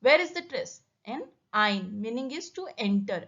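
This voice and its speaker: Slow, deliberate woman teaching a language lesson. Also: a little high, animated, dull audio. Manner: slow, deliberate, repeats example words for drilling. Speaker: German teacher.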